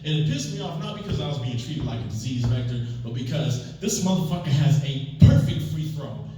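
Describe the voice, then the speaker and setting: A man's voice: mid-range voice, a little fast, a little hiss or hum. A man performing stand-up, his voice swinging up and down as he acts out other people's lines. The sound is heavily echoey, with the mic set some way off from him. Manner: animated storytelling with acted-out quotes. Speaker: stand-up comic. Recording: very echoey room, mic far off.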